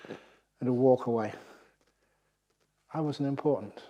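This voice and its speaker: A man giving a Buddhist dharma talk at a meditation retreat, telling stories in a lively way and chuckling at his own jokes. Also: medium pitch, normal speed. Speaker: Buddhist monk teacher.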